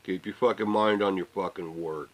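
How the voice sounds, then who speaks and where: A middle-aged man ranting casually to the camera, rambling and swearing, often trailing off into low mutters. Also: fairly even intonation, moderate pace, poor audio. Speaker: vlogger.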